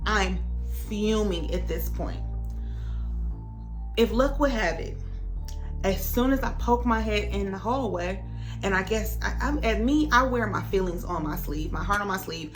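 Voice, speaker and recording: A young woman vlogger telling a story in a casual, animated way, acting out the other people's lines. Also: medium pitch, moderate pace, soft background music. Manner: animated, dramatic retelling with voices for others.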